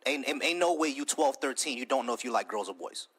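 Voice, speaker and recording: A man hosts a heated live debate over a voice call, his voice husky and sitting at an ordinary middle pitch. He cuts in constantly, fires off repeated words in quick bursts and swears without holding back. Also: expressive, a bit bright. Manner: interrupts, repeats words rapidly, swears freely. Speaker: debate stream host.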